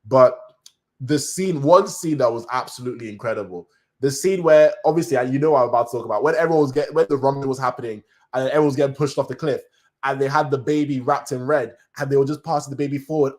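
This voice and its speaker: A man giving a casual live-stream review, excitable and slangy, rambling with many restarts and now and then jumping into high cries when moved. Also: fast.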